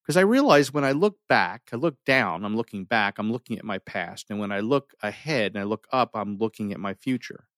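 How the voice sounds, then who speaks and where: A middle-aged man telling a personal story in an animated way, full of restarts and dramatic pauses. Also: lowish voice, no echo, studio quality.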